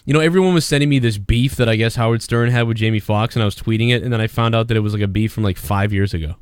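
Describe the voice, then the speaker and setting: A man's voice: fairly low pitch, rapid-fire, a little mellow, clean tone, no echo, studio quality. A man hosting a crude, profane podcast chat, rambling and mocking. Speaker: podcast host.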